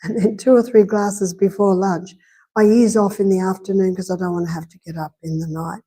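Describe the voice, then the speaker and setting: Her voice is medium-pitched, steady, brisk and mellow as this Australian woman of middle age lectures on health before a live church-hall audience. She keeps it chatty, repeats the main points and tells stories along the way.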